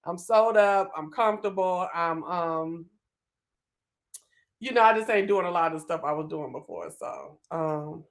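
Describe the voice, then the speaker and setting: Talking into a phone, a live-stream host chats casually with viewers, animated and swearing freely. The voice is medium-pitched.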